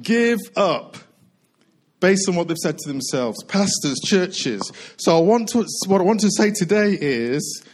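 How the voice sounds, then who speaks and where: A middle-aged male pastor preaching a sermon, a little out of breath, repeating key lines and slowing down hard to stress them. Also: sits high, very animated, rough recording. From United Kingdom. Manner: earnest preaching with repetition and slow emphatic phrases.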